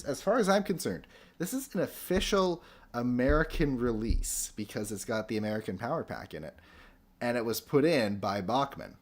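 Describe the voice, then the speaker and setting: A man casually chatting on a game livestream, rambling through stories and answering chat with lots of fillers and restarts. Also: medium pitch.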